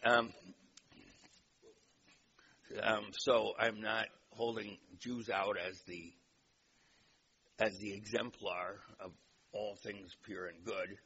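A male lecturer who tells stories in a chatty, wandering way. His low voice is gravelly and bright. The recording is dull with a faint hiss in the background. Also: steady tone, slow, long pauses. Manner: conversational, digressive storyteller. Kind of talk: lecture with a told joke.

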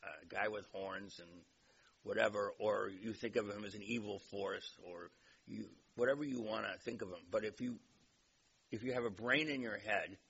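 A male lecturer who tells stories in a chatty, wandering way. His low voice is gravelly and bright. The recording is dull with a faint hiss in the background. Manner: conversational, digressive storyteller. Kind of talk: lecture with a told joke.

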